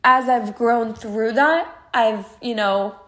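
Her voice slightly high and fairly bright, a young podcast host in her twenties takes her time as she talks about how she feels. The casual monologue is candid and heartfelt, full of "like" fillers.

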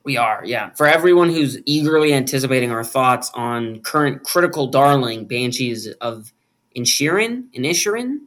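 A man's voice: mid-range voice, normal speed, hardly any pauses, a bit bright. A man co-hosting a film podcast in casual chat, playful and joking with frequent laughter. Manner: playful, jokey, laughs often. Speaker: podcast co-host.

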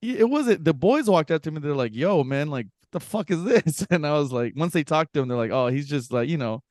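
A man's voice: fairly high pitch, fairly quick, no echo, studio quality. A man co-hosting a casual podcast, telling a story with lots of laughs and swearing, acting out what people said. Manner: animated storyteller, laughs often, swears, acts out quotes. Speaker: podcast co-host. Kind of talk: casual chat.

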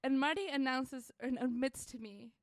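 A young woman co-hosting a podcast, chatting casually in an animated, joking way. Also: high voice, moderate pace, no echo, clean studio sound. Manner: animated, joking, breaks into mock voices. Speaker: podcast co-host. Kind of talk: casual chat.

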